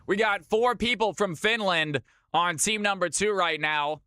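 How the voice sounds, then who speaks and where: Bright, upbeat man casting a game live. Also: high-pitched, measured pace, smooth, no room sound, clean studio sound. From California. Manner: upbeat, chatty, talks straight to chat. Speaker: streamer and game caster. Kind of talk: live esports play-by-play commentary.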